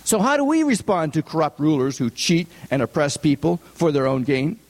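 A man's voice: a little high, animated, normal speed. A man giving a conversational sermon, often asking his listeners rhetorical questions. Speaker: preacher. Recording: long hall reverb.

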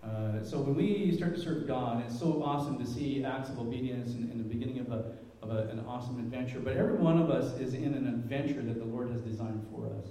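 Quick and hardly pausing, the middle-aged lay speaker's voice is mid-range and dark. He rambles through a personal story at church, informally, riddled with fillers and restarts, captured from afar in an echoey hall.

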